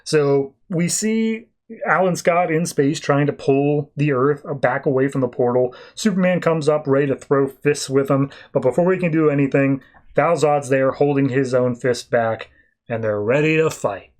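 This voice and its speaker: A man's voice: medium pitch, normal speed, a little mellow. Chatty man recapping comics on a podcast. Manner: loose, chatty retelling full of fillers and "he's just like". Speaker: podcast host.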